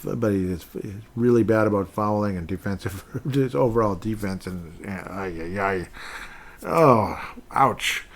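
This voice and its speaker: A man with a slightly low voice hosts a casual sports podcast on his own. He rambles, laughs often and bursts into mock outrage. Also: unhurried. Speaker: podcast host.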